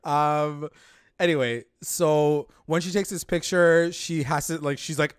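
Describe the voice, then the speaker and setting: A man co-hosting a podcast in casual chat, his voice on the high side for a man. He recaps plot points with profanity and quick agreement. The recording is dry and close. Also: steady tone, smooth, no room sound. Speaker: podcast co-host.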